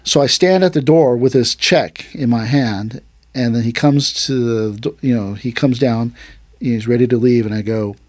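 A man with a medium-pitched voice talks at a normal speed on his martial arts podcast, where he hosts and works as an aikido instructor. Telling a story in easygoing conversation, he voices the quotes with animation, and the recording is dry and studio quality.

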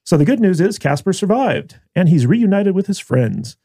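A man's voice: high voice, big pitch swings, moderate pace, warm tone. Dry sarcastic male podcast host. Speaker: podcast host recapping a TV episode. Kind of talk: scripted recap with sarcastic asides.

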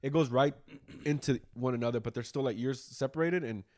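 A man co-hosting a podcast, talking about movies in a rambling, animated way with a lot of swearing. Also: medium pitch, fairly quick. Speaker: podcast co-host. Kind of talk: casual chat.

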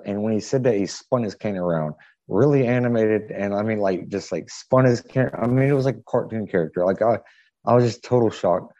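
A man with a very deep, dark voice tells a story casually, stumbling through fillers and restarts. The sound is dry and a little dull, like a lo-fi remote call. He loops back on himself as he tries to get it all out. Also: brisk, no echo. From southeastern United States. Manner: rambling, hesitant, many fillers and restarts. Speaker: podcast guest.

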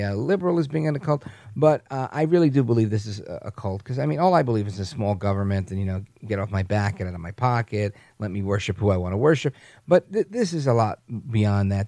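A man hosting an opinionated talk radio show, animated and mocking, often restarting his sentences. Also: medium pitch, vocal fry, no echo, clean studio sound.

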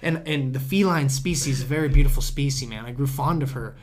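A man's voice: medium pitch, fast. A young man, a podcast guest, telling a long story in a loose, rambling way full of "dude," "bro," and casual swearing.

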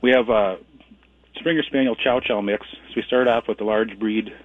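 Husky-voiced man caller on phone. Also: lowish voice, steady tone, moderate pace. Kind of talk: phone call to radio show. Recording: tinny phone line.

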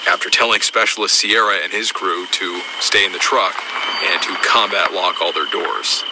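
A man calmly narrating soldiers' eerie accounts in a scripted storytelling style. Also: low voice, noisy background. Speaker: narrator of a military paranormal podcast.

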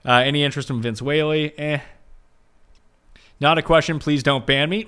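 A man's voice: on the high side, steady tone, normal speed, long pauses, a bit bright, clear, resonant tone. A man co-hosting a casual podcast chat about golf betting, reading listener questions and teasing with casual swearing.

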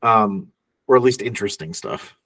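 A man's voice: lowish voice, animated, moderate pace, bright, forceful tone, distant mic. Man reading film trivia, off-mic. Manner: reads trivia notes aloud, laughs often. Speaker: podcast co-host. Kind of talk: casual film podcast chat.

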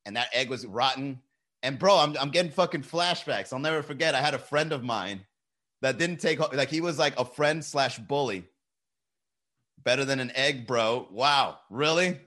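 A man's voice: mid-range voice, normal speed, bright, forceful tone. A young man chatting casually on a live stream, telling loose, profane stories and laughing often.

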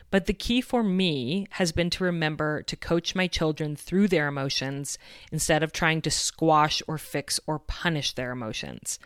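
Podcast host, woman, low and resonant voice, earnest reflective storyteller. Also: a bit bright, clear, resonant tone, no room sound, studio quality. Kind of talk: podcast monologue.

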